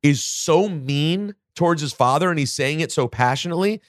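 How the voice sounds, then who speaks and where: A man's voice: fairly high pitch, lively intonation, no echo, clean studio sound. A man hosting a casual podcast chat, arguing his points emphatically and pushing back hard. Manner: emphatic, argumentative, quick to push back. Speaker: podcast host.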